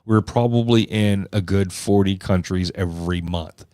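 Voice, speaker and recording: A man's voice: low-pitched, normal speed, mellow, no room sound. Rambling middle-aged male podcaster, dry. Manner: rambling, loose, many fillers and restarts. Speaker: podcast host. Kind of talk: casual podcast chat.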